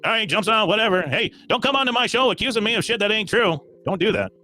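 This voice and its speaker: A man's voice: sits high, lively intonation, quick pace, pushed and bright, soft background music. A man hosting a livestream, defending himself over and over in a heated call-in argument. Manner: defensive, repetitive, insistent. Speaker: livestream host.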